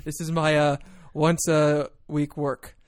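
A man's voice: a little high, level tone, slow, a little hiss or hum. A young man co-hosting a podcast, chatting casually, joking and swearing and laughing often. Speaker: podcast co-host. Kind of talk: casual banter. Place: small room at home. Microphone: desk podcast mic.

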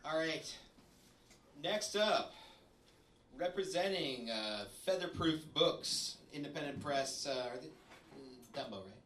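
A man's voice: fairly high pitch, lively intonation, slow, a bit bright, a little hiss or hum. A man hosting a reading night, chatty and loose, with fillers and self-corrections. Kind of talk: casual live introductions. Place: event venue with an audience. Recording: roomy, distant live recording with crowd.

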